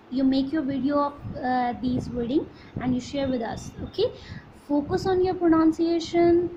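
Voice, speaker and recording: A woman teacher, reading a children's poem aloud in a slow, sing-song way with puffing sounds, and explaining words to her students. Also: sits high, noisy background. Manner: addresses students as beta.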